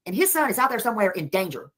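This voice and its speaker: A woman's voice: medium pitch, sing-song, very fast, fairly bright tone. A woman with a drawl talks heatedly into her livestream mic, circling back to the same complaints. She says the same phrases again and again, stopping to thank viewers before she picks the rant back up. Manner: heated, repetitive, thanking viewers between outbursts.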